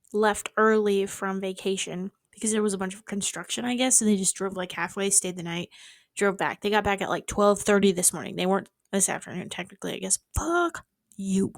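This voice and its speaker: Young woman, rapid rambling chat, sarcastic and sweary, dry close-mic sound. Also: mid-range voice, no room sound. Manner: fast-talking, swears freely, sarcastic asides. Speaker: vlogger. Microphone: close mic held near the mouth.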